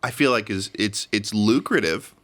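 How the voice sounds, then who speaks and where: A man's voice: on the low side, moderate pace, a bit bright. A young adult man as a podcast guest, chatting casually with rambling, joking restarts. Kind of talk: casual chat.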